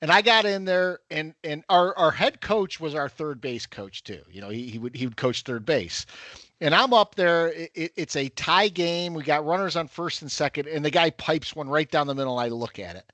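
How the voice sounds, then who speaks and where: A man telling lively anecdotes on a casual sports podcast, bursting into loud mimicry of his coaches. His voice is high and bright, recorded dry and close. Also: normal speed, dry recording. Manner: animated anecdote teller, acts out shouting coaches. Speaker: podcast co-host. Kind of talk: casual chat.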